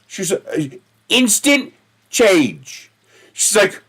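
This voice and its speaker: This livestream host speaks in a high-leaning, breathy voice without hurrying. His stories ramble and digress, full of profanity, and he keeps cracking himself up.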